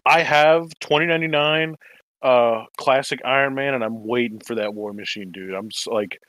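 A man's voice: medium pitch, moderate pace, a bit bright, dry recording. A man chatting casually on a podcast, laid-back and rambling, swearing freely. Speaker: podcast guest.

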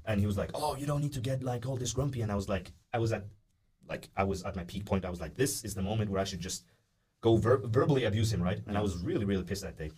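A young man rattles off a story at a quick clip in a lowish voice. He tells it casually and loosely, full of fillers, and slips into other people's voices as he goes. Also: breathy edge. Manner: animated, acts out the voices of people in his story; many "uh" and "like" fillers. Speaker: podcast guest.

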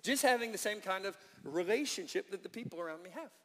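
Pastor, man, high voice; emphatic sermon delivery in a reverberant church. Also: fast. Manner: prayerful and hushed in prayer, then animated and emphatic when preaching. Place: church sanctuary.

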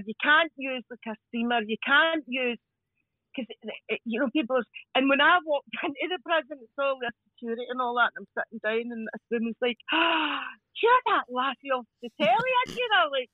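A woman's voice: on the high side, no echo, phone-quality sound. A Scottish woman, a crime scene cleaner, telling funny work stories in casual chat, laughing often and swearing.

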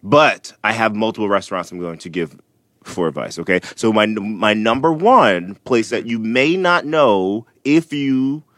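A man chatting on a podcast with a low voice and lively, swinging pitch, recorded dry and close. His voice is tired and going hoarse as he recommends places to eat. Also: a little slow, dry recording. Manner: gives local restaurant tips. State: losing his voice. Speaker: podcast co-host. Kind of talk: casual chat.

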